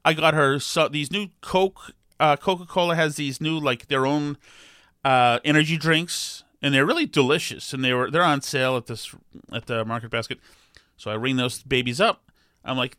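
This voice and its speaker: A man in his forties telling a comic story about himself, self-deprecating and animated, acting out the dialogue. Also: medium pitch, moderate pace, clear, resonant tone, no echo, clean studio sound. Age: 40s. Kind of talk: comedic storytelling.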